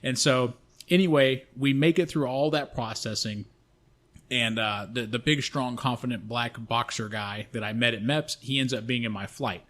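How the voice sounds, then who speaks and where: A man co-hosting a podcast, telling a long personal story in a loose, rambling way. He swears freely and often restarts his sentences. His pitch sits in a middle range for a man. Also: normal speed, fairly bright tone. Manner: profane, rambling, frequent restarts. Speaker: podcast co-host. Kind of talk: casual storytelling.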